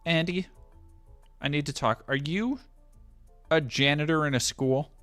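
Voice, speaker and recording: A man commentates on a game he's streaming, sarcastic and ranting with lots of swearing. His voice is bright, somewhat high, and a little slow, with soft music behind him.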